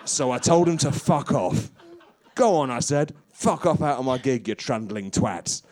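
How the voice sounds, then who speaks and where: A man playing a crude, bewildered veteran stand-up comedian in a rambling deadpan confessional monologue. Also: medium pitch, unhurried, natural voice.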